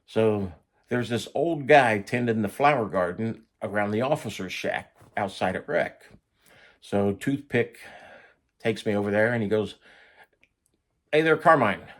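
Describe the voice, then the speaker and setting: A man's voice: fairly low pitch, a little slow. A man casually telling a story about his own past, blunt and profane in a conversational way.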